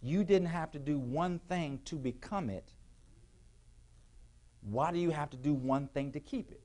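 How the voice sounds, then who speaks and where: A male pastor preaching a sermon in a church, with call-and-response questions to the congregation, sometimes rising to shouts. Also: a little high, measured pace. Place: church sanctuary.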